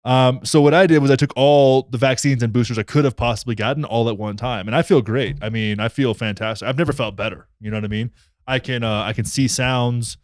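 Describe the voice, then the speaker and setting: A young man giving sarcastic vlog commentary, reading a text aloud with mock outrage and deadpan asides. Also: medium pitch, fairly quick, no room sound, studio quality. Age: young adult. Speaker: vlogger.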